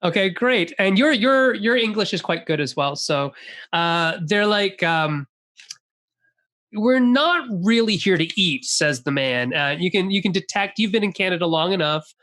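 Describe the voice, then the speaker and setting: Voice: medium pitch, a bit bright. A game master describes the scene to the players in loose, casual speech. The narration stops and starts, full of fillers. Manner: casual and halting, many fillers.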